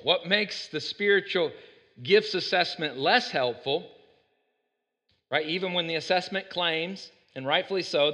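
Male pastor, chatty sermon delivery, bright and slightly high, recorded in an echoing church hall. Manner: conversational, keeps asking the room "right?"; animated, jumps in loudness when stressing points. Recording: long hall reverb.

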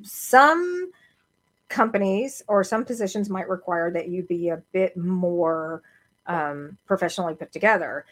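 A middle-aged woman with a Southern accent, co-hosting a casual chat. She rambles, corrects herself and stays animated. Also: on the low side, measured pace. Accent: American Southern. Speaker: podcast co-host.

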